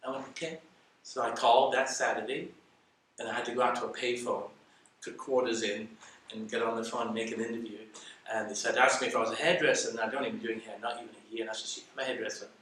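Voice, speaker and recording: An older man from England telling stories about his early career in a relaxed, self-deprecating way. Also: medium pitch, quick pace, a little hiss or hum. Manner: reflective, self-deprecating storyteller. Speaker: interview guest, salon educator. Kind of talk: casual storytelling interview. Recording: echoey room, mic at a distance.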